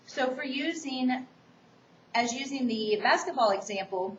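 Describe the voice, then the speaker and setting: A woman public speaking instructor giving a recorded course lecture, explaining the assignment in a quick, enthusiastic way. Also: sits high, expressive, fairly bright tone, a little hiss or hum. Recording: distant, roomy, dull recording.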